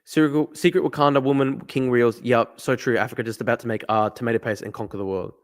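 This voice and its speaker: A man streaming a guessing game, thinking aloud, swearing and getting excited. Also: medium pitch, fast talker. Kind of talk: live-stream commentary while playing a guessing game.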